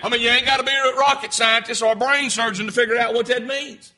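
A man with a Southern US rural accent, preaching a sermon as pastor, fervent and rising to shouts. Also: very high voice, fairly even intonation, fast talker. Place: church sanctuary.

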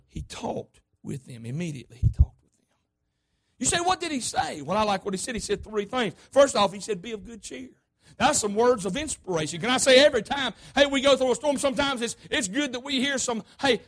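Man, preacher, sermon, very high voice, lively melody, emphatic call-and-response. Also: normal speed. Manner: swings between shouts and hushed asides.

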